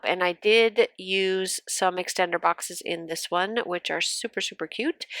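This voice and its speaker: A woman with a congested, stuffy nose talks in a chatty, rambling way, full of fillers. Her voice sits fairly low and sounds close and dry. She is middle-aged. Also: a bit bright, no room sound. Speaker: planner vlogger. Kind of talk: casual plan-with-me chat.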